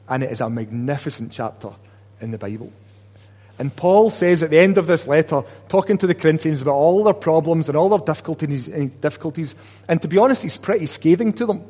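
A man preaching in a church hall, his slightly high, husky voice carrying a long reverb. He talks to the congregation conversationally and keeps asking them questions. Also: a little mellow. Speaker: pastor. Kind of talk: sermon.

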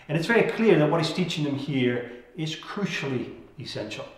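A man preaching a sermon, earnest and reflective, letting his voice sink at the end of key phrases. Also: medium pitch. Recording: very echoey room.

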